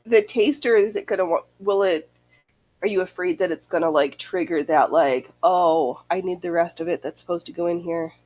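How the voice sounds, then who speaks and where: A woman hosting a casual chat while she sews, chatty and playful and quick to laugh. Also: lowish voice, a little mellow. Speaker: podcast host.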